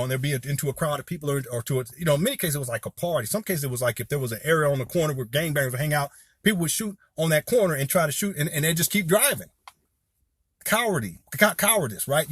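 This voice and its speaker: A man in his forties from Southern California speaks straight to his viewers in a fired-up, rambling monologue and keeps calling them "y'all". His voice sits fairly high and has a husky grain. The recording is close and dry. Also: no room sound. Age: 40s. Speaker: video commentator. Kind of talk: impassioned direct-to-camera commentary.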